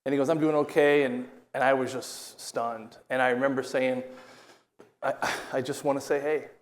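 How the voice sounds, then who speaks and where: A hockey broadcaster telling a personal story on an event stage before a live audience, earnest and reliving past conversations. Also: male voice, mid-range voice, fairly even intonation, moderate pace. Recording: long hall reverb from a live event.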